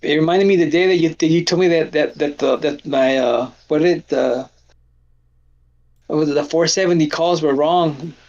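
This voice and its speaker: A man's voice: fairly high pitch, normal speed, lo-fi sound. A man hosting a live trading stream, telling stories in casual chat with lots of restarts. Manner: animated storytelling with lots of restarts. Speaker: stream host.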